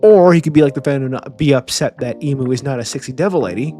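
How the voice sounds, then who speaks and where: A man's voice: medium pitch, fast talker, dark tone, soft background music. Stammering, joking man reviewing a chapter. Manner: rambling, stammering repeats, joking with profanity. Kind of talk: casual chapter reaction.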